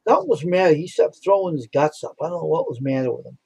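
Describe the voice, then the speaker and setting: A man's voice: fairly high pitch, animated, quick pace, vocal fry, mellow, slightly rough, dry recording. A man chatting casually on a live stream. He tells blunt, rambling stories and repeats himself. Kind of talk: casual chat.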